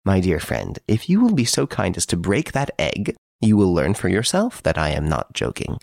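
A man voicing a suave gentleman thief who mocks the detective from his prison cell, urbane and playfully boastful. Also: deep voice, wildly swooping pitch, normal speed, vocal fry, no room sound, studio quality, full character voice. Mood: teasing, smug.

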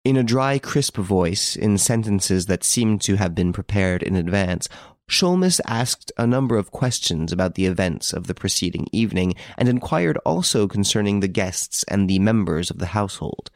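Gravelly low-voiced man narrating a story. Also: lively intonation, normal speed, dry recording, studio quality. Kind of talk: audiobook narration.

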